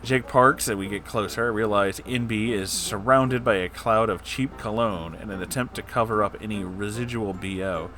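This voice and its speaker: A man's voice: lowish voice, moderate pace, few pauses, sharp tone. A man reading a comedy story aloud and breaking in with sarcastic, joking asides. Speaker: story reader.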